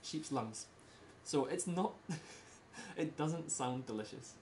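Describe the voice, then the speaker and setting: A man's voice: mid-range voice, expressive, a little mellow. Scottish guy chatting to a small group, easygoing, chuckles a lot, slight hiss behind. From Scotland. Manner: simple slow wording, laughs often. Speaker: presenter giving a talk about Scotland. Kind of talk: casual presentation to a small group.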